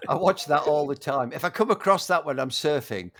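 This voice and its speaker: An older man reminiscing in a casual conversation, halting with frequent restarts and warmly enthusiastic. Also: on the high side, lively intonation. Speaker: interview guest.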